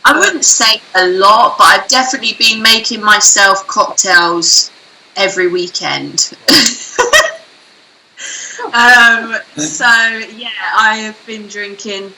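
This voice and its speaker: A British woman chatting casually, relaxed and laughing. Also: medium pitch, slow, roomy sound, slight background noise, low-quality recording. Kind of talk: casual chat.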